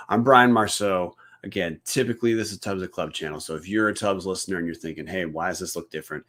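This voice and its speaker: A man hosting a solo sports podcast, talking casually through a weekly rundown with frequent restarts. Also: deep voice. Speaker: podcast host.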